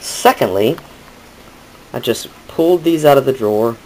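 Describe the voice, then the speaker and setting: A man's voice: mid-range voice, animated, moderate pace, darkish tone, slight background noise, poor audio. A man hosting a casual crafting tutorial, chatting and correcting himself as he demonstrates. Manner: chatty, rambling with self-corrections.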